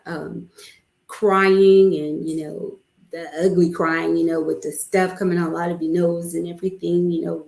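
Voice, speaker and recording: A woman with a lowish voice talks straight to her podcast listeners, earnest and candid. Her delivery is conversational and full of ums and small restarts. The recording has a roomy, echoey sound. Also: darkish tone. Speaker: podcast host. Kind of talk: personal podcast talk to listeners. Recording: echoey room.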